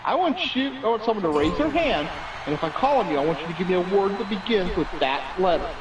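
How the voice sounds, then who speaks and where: A man's voice: sits high, animated, fast talker, far from the mic, noisy background. A man voicing a patient female schoolteacher quizzing her class, in a raised, sing-song teacherly tone. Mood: instructive.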